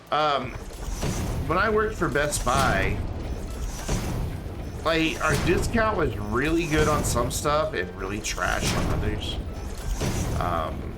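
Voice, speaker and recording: A chatty male gamer streams live from a home room with background music, speaking in a lively, medium-pitched voice. He rambles casually while gaming and reads chat aloud, captured through a desk mic and webcam.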